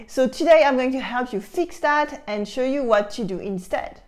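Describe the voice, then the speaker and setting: French woman teaching, slightly high voice. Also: normal speed. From France. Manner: lively, playful, explains with exaggerated examples. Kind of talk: online language lesson.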